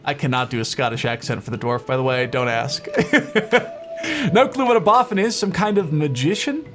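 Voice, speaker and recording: A man's voice: on the high side, normal speed, over music. A man doing casual let's-play commentary, amused, reading game text aloud as he plays. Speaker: gameplay streamer.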